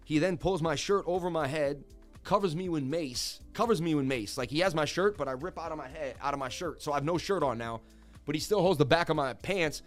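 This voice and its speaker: An excitable streamer man telling a story. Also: fairly high pitch, a little fast, soft background music. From Boston area, US. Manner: excited, repetitive, talks to viewers directly. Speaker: crypto market streamer. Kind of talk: animated storytelling on a livestream.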